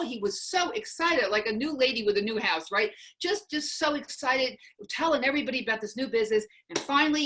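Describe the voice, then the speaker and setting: A middle-aged woman giving a motivational seminar talk, telling a personal story to the audience with lively, acted-out quotes. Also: mid-range voice. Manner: animated, addresses audience as folks, acts out quotes. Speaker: seminar speaker.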